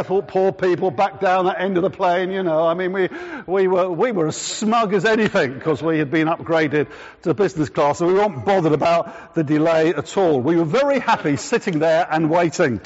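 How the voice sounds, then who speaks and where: A man preaching, telling a chatty anecdote and then slowing down to press home his points. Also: a little high. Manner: chatty storytelling, slowing to deliberate emphasis. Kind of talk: sermon with a personal anecdote. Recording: echoey hall, dull lo-fi sound.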